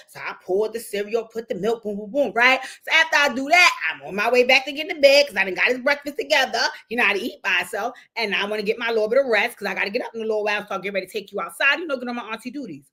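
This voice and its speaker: A woman hosting a casual livestream, telling a loud, profane, animated story to her viewers. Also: fairly high pitch, very fast, few pauses. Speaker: show host.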